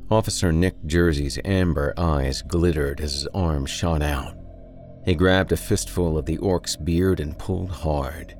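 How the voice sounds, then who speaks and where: Man, very deep voice, gravelly, dark deliberate horror storytelling, faint music behind. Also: steady tone. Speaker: podcast storyteller. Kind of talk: dramatic horror story narration.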